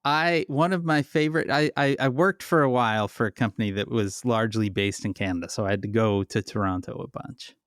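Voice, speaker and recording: A man's voice: medium pitch, brisk, few pauses, dry recording, clean studio sound. A man co-hosting a podcast, teasing and playful in casual chat. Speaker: podcast co-host.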